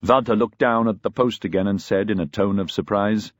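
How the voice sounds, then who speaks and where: A man's voice: fairly low pitch, brisk, no echo, studio quality. A man narrating a novel as an audiobook, telling the story expressively.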